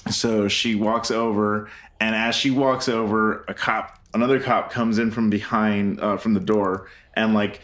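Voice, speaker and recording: Rambling and profane, a man co-hosting a casual podcast goes over a film scene with lots of fillers, often laughing loudly. He speaks a little slowly with few pauses, in a fairly low voice with fairly even intonation.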